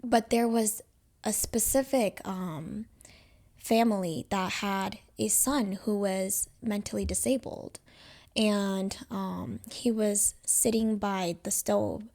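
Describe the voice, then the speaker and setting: A woman's voice: medium pitch, slow pace, a little mellow. A young woman co-hosting a podcast, telling a story in casual chat and filling it with "like" and "you know". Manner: rambling, heavy use of "like" and "you know". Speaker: podcast co-host.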